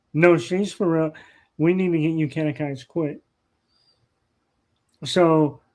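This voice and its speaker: A man on a podcast as a guest, telling family stories in a casual, rambling way with plenty of fillers and restarts. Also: a little high. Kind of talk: casual anecdotal storytelling.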